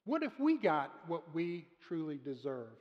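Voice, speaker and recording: A man preaching a sermon as pastor, speaking earnestly and slowing down to stress key words. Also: on the high side, wildly swooping pitch. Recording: muffled sound with long reverb of a large room.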